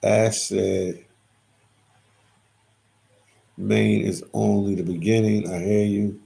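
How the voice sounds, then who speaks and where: A man's voice: lowish voice, level tone, measured pace, gravelly, warm tone, slightly rough. A man hosting a casual livestream, reading viewers' comments aloud and answering them, often repeating his phrases.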